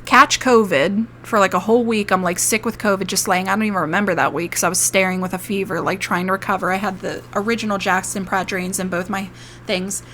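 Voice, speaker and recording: A woman's voice: mid-range voice, fairly even intonation, quick pace, a bit bright, slight background noise. A young adult woman, an ASMR creator, telling a long, emotional personal story in a casual, rambling way, swearing now and then.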